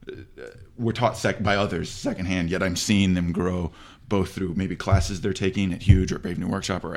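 A man reflecting on improv in a casual podcast chat, thoughtful and halting. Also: low-pitched, darkish tone. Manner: thoughtful, halting, restarts words while reflecting.

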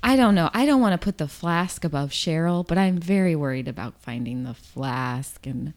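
An actress playing an eager, bubbly sister in an improvised comedy scene. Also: female voice, deep voice, lively intonation, normal speed. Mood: confiding. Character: giddy grieving sister, publishing worker.

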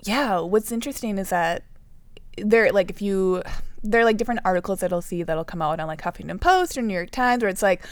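A woman's voice: mid-range voice, brisk, no echo. A woman co-hosting a casual podcast, explaining nutrition topics and laughing often.

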